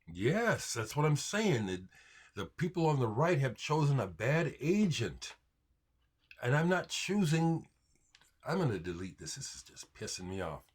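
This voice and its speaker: Husky, heated man talking to camera. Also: medium pitch, sing-song, unhurried. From United States. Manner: heated, emphatic, frustrated ranting with repeated restarts. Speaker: video host answering viewer comments. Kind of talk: unscripted monologue to camera.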